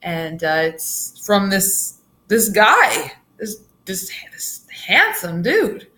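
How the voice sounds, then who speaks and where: A woman vlogger telling a storytime tale in a chatty, laughing way with lively asides. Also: medium pitch, very slow. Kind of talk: casual storytime.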